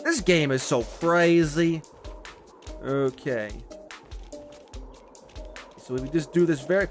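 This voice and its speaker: Excitable high-voiced male gamer. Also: slow pace, pauses often, soft background music. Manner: excitable, swears often, frequent loud outbursts. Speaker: gaming channel host. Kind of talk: casual gameplay commentary.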